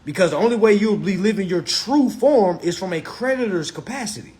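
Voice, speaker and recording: Animated high-voiced man teaching live. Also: fairly quick. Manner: emphatic and repetitive, with rhetorical questions and profanity. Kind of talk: casual live-streamed teaching.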